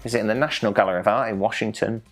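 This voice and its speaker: A man's voice: fairly low pitch, very fast, soft background music. A young man hosting an online quiz from home, playful and jokey, stumbling over foreign names. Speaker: quiz host.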